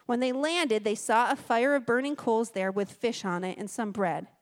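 A woman's voice: on the high side, normal speed. A woman giving a conversational sermon, reading scripture aloud with chatty, joking asides. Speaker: guest speaker at a church service. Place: church service.

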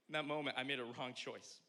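A young man preaching a sermon as pastor, joking and animated, swinging from loud exclamations to quiet asides. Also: mid-range voice, normal speed.

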